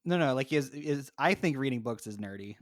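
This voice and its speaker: A male podcast host talks in a chatty, rambling way as he introduces guests. His pitch sits in the middle, and the sound is dry and close, recorded remotely from home. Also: animated, a little fast, no room sound. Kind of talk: casual podcast chat.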